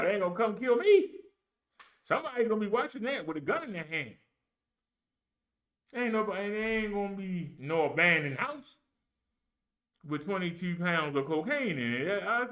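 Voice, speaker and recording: A man's voice: high-pitched, fairly bright tone. A man casually retelling a story in an indignant, colloquial way. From United States. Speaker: vlogger and minister.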